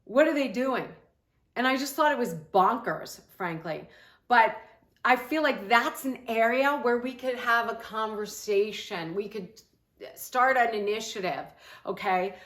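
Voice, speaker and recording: A woman with a fairly high voice speaks to her viewers as a mom and health coach. She talks earnestly and rambles, with frequent fillers and restarts. Her voice echoes around the room. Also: a little slow, fairly bright tone. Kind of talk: casual talk to camera.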